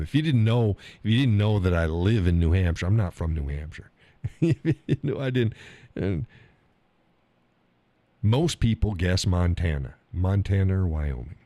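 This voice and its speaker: Laid-back Oklahoma man, low dark voice. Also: dry recording. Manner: laughs often, teasing and blunt. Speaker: live stream host reading chat. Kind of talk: casual chat.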